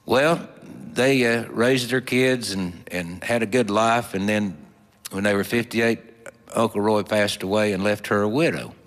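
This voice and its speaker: A man telling a folksy story in a slow, drawling, homespun way with plenty of fillers. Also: fairly low pitch, steady tone. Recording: long hall reverb.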